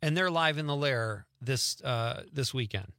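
An upbeat man hosting a radio show, talking in a bright, forceful voice. He chats casually and laughs easily. The studio sound is dry and close. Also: mid-range voice, lively intonation, no room sound. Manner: upbeat, chatty, quick to laugh. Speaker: radio host.

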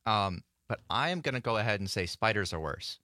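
A man working the board and co-hosting a radio show, speaking in a measured, matter-of-fact way. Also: on the low side, lively intonation, pushed and bright, dry recording, clean studio sound. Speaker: radio board operator and co-host. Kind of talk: casual radio chat. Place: radio studio. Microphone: studio microphone.

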